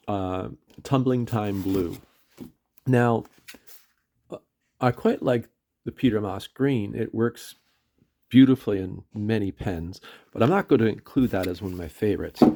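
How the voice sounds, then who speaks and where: A Canadian man talks through an ink review in a loose, meandering way, stopping often with "um" and correcting himself. His voice sits a little low and carries a gravelly, creaky edge. He sounds unhurried and chatty. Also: darkish tone. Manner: rambling, hesitant, many fillers and self-corrections. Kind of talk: casual vlog review.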